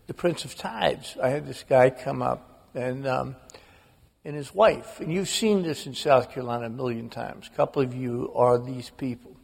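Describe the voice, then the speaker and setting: A man in his sixties from the American South, an author telling lively family stories as an interview guest, sometimes slipping into quoted voices. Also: mid-range voice, gravelly, breathy edge, in a large hall. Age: 60s. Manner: animated storyteller, slips into quoted voices. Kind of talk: storytelling interview.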